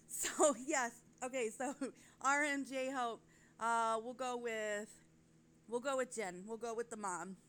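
A woman's voice: on the high side, fairly even intonation, slow pace, fairly bright tone, smooth. Rambling, giggly woman podcast host. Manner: rambling, giggly, self-interrupting. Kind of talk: casual chat.

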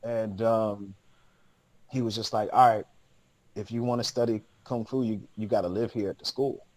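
A man's voice: fairly low pitch, steady tone, normal speed, darkish tone, dry recording, low-quality recording. A man, a podcast guest, telling a long story in casual, slangy speech with lots of laughter.

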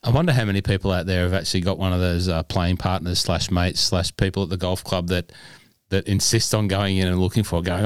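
Male podcast co-host, low voice, dry studio sound, lively storyteller. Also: quick pace, hardly any pauses, smooth, dry recording. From Scotland. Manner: animated storyteller, mimics people in high voices. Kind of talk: casual chat.

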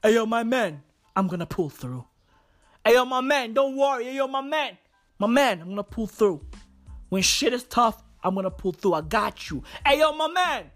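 A man's voice: very high voice, lively intonation, normal speed, fairly bright tone, faint music behind. A man voicing an eager street hustler, offering to get anything in a pushy, repetitive sales patter.

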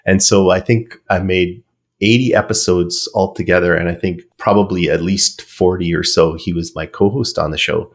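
A man's voice: deep voice, steady tone, moderate pace. A man being interviewed on a podcast, telling long stories in a chatty, rambling way with filler words. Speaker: podcast guest. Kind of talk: casual storytelling in an interview.

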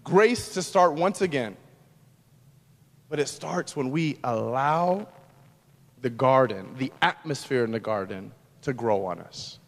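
A man pastor preaching a sermon, moving between loud, emphatic lines and hushed, quiet ones. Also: mid-range voice, animated, takes it slowly, creaky, big-room sound.

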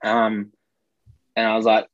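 A man's voice: lowish voice, completely flat delivery, a little slow, dry recording, dull audio. A young Australian man telling a rambling anecdote in casual chat, full of fillers. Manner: rambling, filler-heavy, laughs between lines. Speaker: storyteller.

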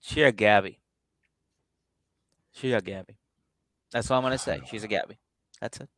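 A man's voice: lowish voice, normal speed, fairly bright tone. A man co-hosting a podcast, chatting casually and acting out quotes in exaggerated voices while laughing often. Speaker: podcast co-host. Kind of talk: casual comedic recap chat.

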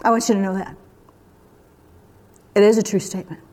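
A woman's voice: mid-range voice, level tone, brisk, mellow. A woman preaching a sermon in a conversational, emphatic way, full of rhetorical questions.

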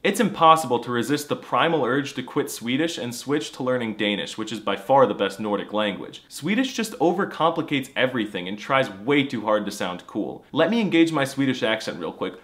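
A man's voice: mid-range voice, expressive, fairly quick, few pauses, fairly bright tone. A man delivering a scripted comedy monologue in a mock-serious, snarky, exaggerated way. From United States. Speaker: comedy language creator.

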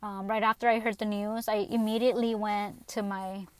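A woman hosting a podcast, telling stories in a blunt, profane, animated casual rant. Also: mid-range voice, moderate pace, dry recording. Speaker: podcast host. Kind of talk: casual ranting monologue.

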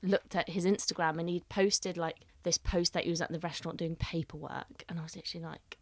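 Lively young woman chef telling stories. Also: lowish voice, a little fast, no room sound, clean studio sound. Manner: animated storyteller acting out quotes, swears freely. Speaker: head chef. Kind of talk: casual podcast chat.

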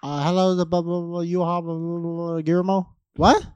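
A man's voice: high-pitched, little pitch movement, fairly quick, darkish tone, clean tone, no echo, highs cut off. A man chatting casually with friends, adding short remarks. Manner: brief interjections. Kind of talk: casual chat.

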